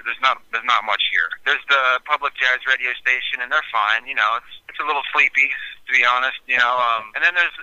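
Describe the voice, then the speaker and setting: A man's voice: mid-range voice, bright, forceful tone, no echo. A man talking casually as an interview guest, rambling and candid with many restarts, over a dull, dry lo-fi line. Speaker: radio show host, guest.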